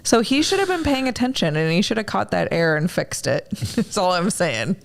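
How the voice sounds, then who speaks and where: A young woman co-hosting a casual livestream, animated and teasing, often laughing. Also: fairly low pitch, brisk, vocal fry. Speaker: livestream co-host. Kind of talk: casual chat.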